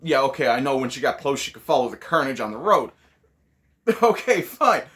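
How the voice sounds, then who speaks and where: A man's voice: mid-range voice, fast talker, fairly bright tone. A man hosting a casual movie review, ranting sarcastically with lots of swearing.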